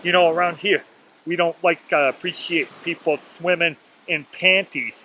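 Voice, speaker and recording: A man quoting a gruff small-town cop. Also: on the high side, steady tone, moderate pace, sharp tone, a little hiss or hum. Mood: disapproving. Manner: blunt, dismissive.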